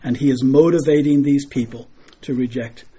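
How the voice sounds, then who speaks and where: A man's voice: mid-range voice, fairly even intonation, moderate pace, warm tone, a little hiss or hum. A man preaching a sermon in an earnest way, often restarting and repeating phrases. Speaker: pastor. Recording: muffled lo-fi recording.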